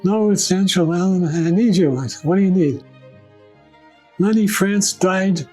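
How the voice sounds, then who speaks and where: Older male storyteller, oral history; brightish pitch, acts out dialogue, soft violin bed. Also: a little slow, soft background music, low-quality recording. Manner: animated anecdotes, acting out quoted voices.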